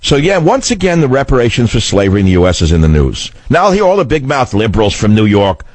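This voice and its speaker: A man's voice: mid-range voice, big pitch swings, fast talker, darkish tone, no echo. A man hosting a political talk radio show, delivering a combative, sarcastic monologue into a studio microphone. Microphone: studio broadcast mic.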